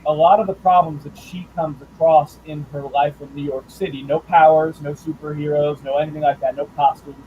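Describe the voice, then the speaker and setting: A man who writes and draws comics, talking about his work in a casual interview, thoughtful and halting with fillers and restarts. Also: on the high side, steady tone, narrow, tinny audio, slight background noise. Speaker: comics writer and artist guest.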